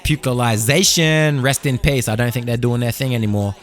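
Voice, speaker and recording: A man's voice: medium pitch, normal speed, few pauses, soft background music. An Australian man hosting a solo podcast, freestyling a rambling, profane monologue full of slang, close on a studio condenser mic. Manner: rambling, profane, slangy, drifting loud and soft. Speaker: podcast host.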